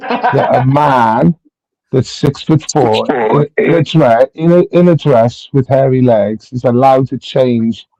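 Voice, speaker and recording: A man's voice: medium pitch, takes it slowly, dark tone, no room sound, low-quality recording. A British man in a heated casual debate who stammers, repeats words and swears a lot. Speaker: panel host.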